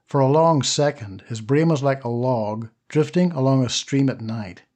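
A man narrating a short story as an audiobook, steady and even. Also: mid-range voice, moderate pace. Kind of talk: scripted narration.

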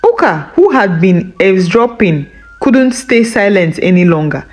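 A Nigerian woman telling a folktale, her voice full of lively rises and falls. She narrates a scripted story with a sing-song, expressive delivery at a middle pitch. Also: unhurried, rough recording.

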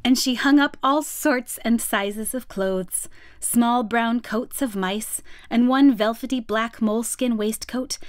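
A woman reading a children's storybook aloud in a gentle, measured storytelling manner. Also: a little high, no room sound, studio quality. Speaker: storybook reader.

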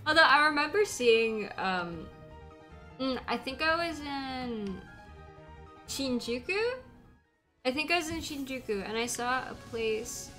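A woman's voice: high voice, lively intonation, unhurried, long pauses, sharp tone, faint music behind. A young woman streaming a game, chatting casually and rambling with frequent giggles. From United States. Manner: giggly, laughs often, rambling. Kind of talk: casual chat while playing a game.

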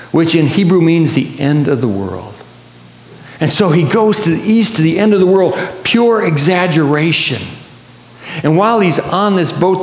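A man preaches to his congregation, retelling an old story with lots of halting restarts and doubled words. His voice sits a little high for a man and rings out into a large, reverberant church sanctuary. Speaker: pastor. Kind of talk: sermon. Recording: echoey church hall.

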